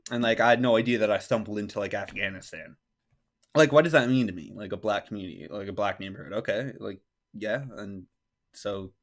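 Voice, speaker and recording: A man hosting a podcast who tells a personal story in a casual, rambling way. He says "like" often and acts out what people said. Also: lowish voice. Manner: rambling, heavy use of "like", acts out quotes. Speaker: podcast host.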